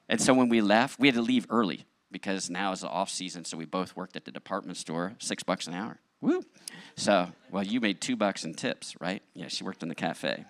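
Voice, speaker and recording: A middle-aged male pastor telling his story in a sermon, animated, acting out what people said. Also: deep voice, fairly quick, no room sound. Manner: animated storytelling with acted-out quotes. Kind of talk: testimony sermon.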